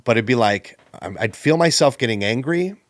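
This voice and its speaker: A man telling a personal story on a podcast, animated and acting out the people he quotes. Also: mid-range voice, normal speed, no room sound.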